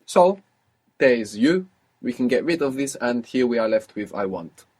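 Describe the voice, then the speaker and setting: Husky-voiced male language teacher. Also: mid-range voice, lively intonation, normal speed, a little mellow. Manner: patient, explanatory, with frequent uh fillers. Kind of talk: recorded language lesson.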